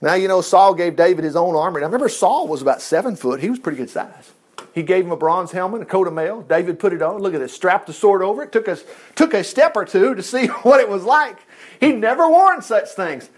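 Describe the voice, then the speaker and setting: Lively, high-voiced man preaching. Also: brisk. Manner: animated storytelling, acts out quotes, chuckles often. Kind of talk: sermon.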